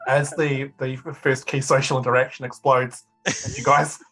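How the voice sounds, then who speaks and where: A man's voice: mid-range voice, flat delivery, normal speed, a bit bright, soft background music, rough recording. A man narrating as game master of a tabletop game, stopping and restarting often. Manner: hesitant, many fillers and restarts.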